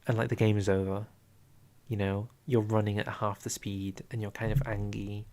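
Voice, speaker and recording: Creaky-voiced man chatting on a live stream. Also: on the low side, little pitch movement, moderate pace. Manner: chatty, chats with viewers, trails off into quiet asides. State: out of breath. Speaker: streamer reviewing a strategy game dev diary. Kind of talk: casual live-stream commentary.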